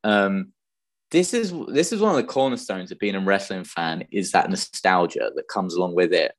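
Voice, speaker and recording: A man's voice: low-pitched, animated, moderate pace. A man in his thirties, a guest on an online call, talking eagerly and nostalgically in casual chat. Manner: enthusiastic, nostalgic fan talk.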